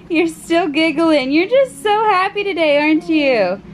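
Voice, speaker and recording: Giggly young mom with a high voice. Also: female voice, animated, slow pace. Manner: giggly, affectionate, coos at her baby. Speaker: mother filming her family. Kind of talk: casual home vlog. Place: family home kitchen and living room. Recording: noisy home video recording.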